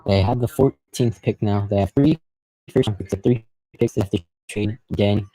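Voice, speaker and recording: A young man talks loosely on a live stream, hedging and correcting himself as he goes. His voice sits low and sounds very dark and mellow. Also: fairly even intonation, normal speed, no echo, rough recording. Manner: rambling, hesitant, lots of fillers and self-corrections. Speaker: livestream host. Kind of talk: casual live reaction commentary.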